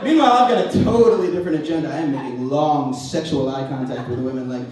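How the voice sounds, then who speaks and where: A man's voice: fairly high pitch, quick pace. Self-mocking young man in an echoey club. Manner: rambling, self-mocking, acts out voices of others. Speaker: stand-up comedian. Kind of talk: stand-up comedy set. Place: comedy club stage, live audience. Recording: echoey distant room recording, noisy.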